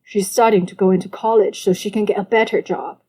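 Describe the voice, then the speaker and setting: Brief: woman reading as a calm, firm dad, giving measured instructions. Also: medium pitch, lightly acted. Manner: measured, lecturing. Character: stern middle-aged father, calm and firm. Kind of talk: audiobook character voice.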